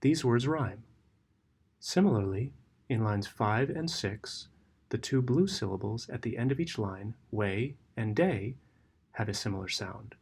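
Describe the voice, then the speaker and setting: A man giving scripted instructional narration in a steady, measured way. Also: lowish voice, breathy edge. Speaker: training narrator.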